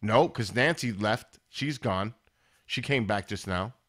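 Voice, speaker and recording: A man's voice: on the low side, animated, measured pace, a bit bright. Chatty man hosting a live stream. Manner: chatty, talks straight to viewers in chat. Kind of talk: casual live-stream chat.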